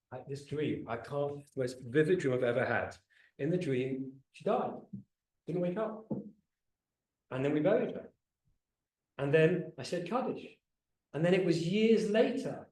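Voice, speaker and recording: A middle-aged man, a rabbi, teaching a Torah class to a group, animated and questioning, often repeating words as he speeds up. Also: on the high side, moderate pace. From England. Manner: animated, asks the audience questions, repeats words when excited. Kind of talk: lively teaching talk to a group. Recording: roomy echo.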